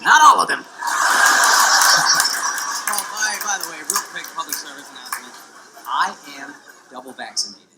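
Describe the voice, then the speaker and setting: A man's voice: on the high side, moderate pace, long pauses. A man from the United States doing a stand-up comedy set, brash and profane, with mocking punchlines to a laughing club audience. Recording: loud noisy stand-up special audio.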